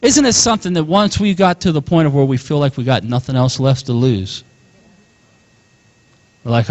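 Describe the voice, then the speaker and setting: A young man preaching a sermon as pastor, animated, calling out to his congregation and chuckling often. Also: medium pitch, normal speed, pauses often.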